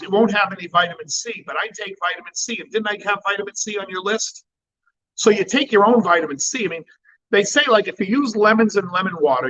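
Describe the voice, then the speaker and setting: A man's voice: high-pitched, fairly bright tone, rough recording. A man hosting a cigar channel, chatting casually and bluntly with plenty of swearing. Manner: blunt and profane. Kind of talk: casual livestream chat.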